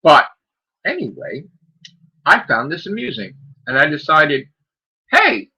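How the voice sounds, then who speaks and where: A man's voice: on the high side, big pitch swings, measured pace, sharp tone, slightly rough, low-quality recording. A man hosting a gaming podcast, ranting defiantly and sarcastically, firing off rhetorical questions. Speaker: podcast host. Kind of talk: solo rant on a gaming podcast.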